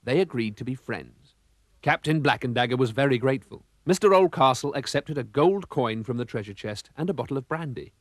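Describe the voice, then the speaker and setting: A man narrating a storybook cartoon with a lively, expressive storytelling manner. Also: medium pitch, brisk, dry recording, studio quality.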